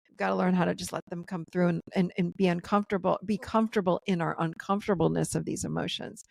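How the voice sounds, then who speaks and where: In a dry recording, a woman guest coach talks fast in a lowish, creaky voice during a casual video-call interview. She's animated, laughs a lot, and plays out her clients' words.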